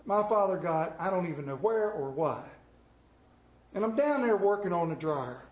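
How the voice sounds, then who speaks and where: A man's voice: high voice, lively intonation, normal speed. A man giving a conversational sermon as a lay preacher, telling folksy, humorous stories about his week. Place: church sanctuary. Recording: roomy echo of a church.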